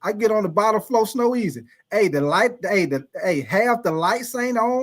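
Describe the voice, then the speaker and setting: A man's voice: sits high, normal speed. A man hosting a livestream, casually telling a profane story to his chat, laughing often and calling out viewers by name. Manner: animated, laughing, profane, calls out chat names. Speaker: livestream host.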